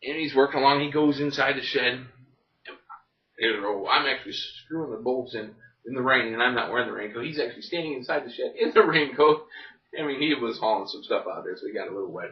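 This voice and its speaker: A man from Florida telling a stand-up comedy story in a rambling, folksy way, often checking in with "okay?". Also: mid-range voice. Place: a home living room. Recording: dull, roomy sound from a distant mic.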